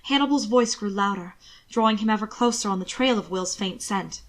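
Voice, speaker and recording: A woman narrating fan fiction in a measured, expressive storytelling voice. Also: medium pitch. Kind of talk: reading fan fiction aloud.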